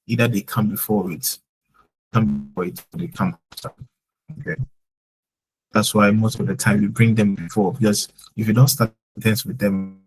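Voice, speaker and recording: A man teaches German in a live online class. His voice sits a bit low, with a gravelly, husky grain. He explains sentence order patiently and leans on "like" as he thinks aloud. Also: darkish tone, poor audio. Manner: explains with many "like" fillers.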